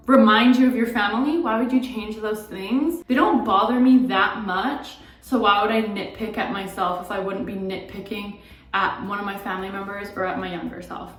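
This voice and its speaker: A woman in her twenties, a beauty vlogger, chatting candidly and heartfelt in a casual confiding way, rambling with lots of likes. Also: on the high side. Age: 20s. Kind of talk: casual confiding vlog chat. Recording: echoey room, distant mic, background music.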